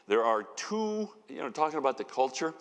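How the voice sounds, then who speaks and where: A man's voice: medium pitch, big pitch swings, brisk, fairly bright tone, smooth. A man giving a conversational sermon as a Bible teacher, telling the story with folksy asides. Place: church sanctuary. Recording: long reverb of a church hall.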